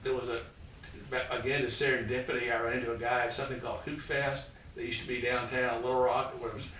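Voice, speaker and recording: A man's voice: medium pitch, little pitch movement, fast, a bit bright. A man in his sixties, a college president, telling rambling stories to an audience with many fillers. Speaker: college president giving a talk. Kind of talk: storytelling talk to an audience. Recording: echoey room, distant mic, faint noise.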